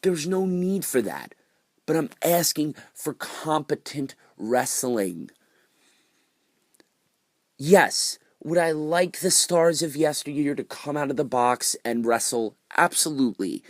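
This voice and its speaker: A man's voice: mid-range voice, big pitch swings, unhurried, creaky, dry recording, clean studio sound. A young man ranting casually about wrestling on his vlog, exasperated, with lots of fillers and restarts. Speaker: wrestling vlogger. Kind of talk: casual opinion rant.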